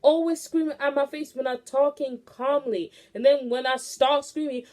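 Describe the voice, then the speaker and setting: A young woman near twenty, pitched a bit high, talks straight to her audience in a casual venting monologue. She rants bluntly and swears freely, keeping her delivery loose and animated throughout. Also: normal speed, few pauses. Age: late teens. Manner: blunt, profane, animated ranting. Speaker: vlogger.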